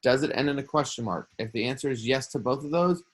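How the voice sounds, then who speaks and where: A man's voice: mid-range voice, fast talker. A male teacher giving a recorded grammar lesson for young students, patiently repeating each rule as he walks through examples step by step.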